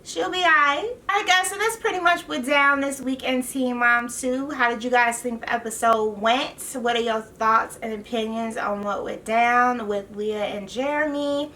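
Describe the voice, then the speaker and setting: A woman vlogger recapping a TV show in a casual, animated and exasperated way, full of slang. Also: fairly high pitch, moderate pace, few pauses, distant mic, a little hiss or hum.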